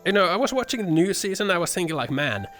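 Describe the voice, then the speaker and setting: A man's voice: sits high, rapid-fire, fairly bright tone, soft background music. A man streaming, ranting casually with lots of swearing and filler words. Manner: rambling, profane, fillers "like" and "man". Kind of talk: casual chat.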